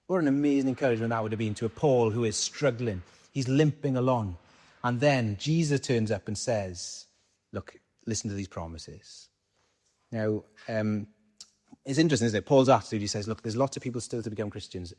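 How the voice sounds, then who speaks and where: A man's voice: medium pitch, fairly quick, darkish tone. A man with a Welsh accent preaching a sermon in a conversational way, putting questions to the congregation and answering them himself.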